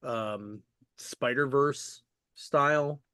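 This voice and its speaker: Drawing out his words, the male podcast host talks in a medium-pitched, smooth voice with a sharp edge. His chat is casual and rambling, packed with fillers and the odd curse. It's a dry, studio-quality recording.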